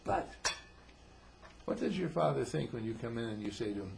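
A man's voice: mid-range voice, normal speed, vocal fry, long pauses, slight background noise. A man giving an informal talk on behaviour, acting out quotes in different voices. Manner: animated, acts out quotes in voices.

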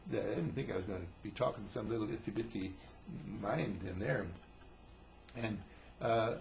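A man's voice: lowish voice, vocal fry, slight background noise. A man giving an informal talk on behaviour, acting out quotes in different voices. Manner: animated, acts out quotes in voices.

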